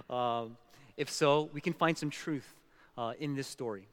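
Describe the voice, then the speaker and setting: A man's voice: mid-range voice, unhurried. A male pastor giving a sermon, stressing words one by one and slipping into storytelling. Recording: long hall reverb.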